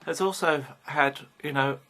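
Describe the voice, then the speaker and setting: A man's voice: on the high side, measured pace, bright, forceful tone. A British man in his fifties talking frankly in a rambling personal vlog, swearing casually as he goes. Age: 50s. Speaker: vlogger. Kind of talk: candid personal vlog monologue.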